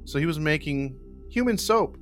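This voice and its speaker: A man's voice: on the high side, animated, normal speed, faint music behind. A man hosting a live podcast, reading a true-crime case in casual chat and laughing between passages. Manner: laughs often, breaks into loud joking voices. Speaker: podcast host.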